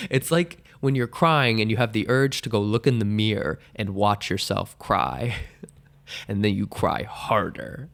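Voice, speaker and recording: A man's voice: lowish voice, lively intonation, measured pace, gravelly, fairly bright tone. A man hosting a podcast, answering listener questions in a candid, rambling, self-mocking way. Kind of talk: casual advice chat.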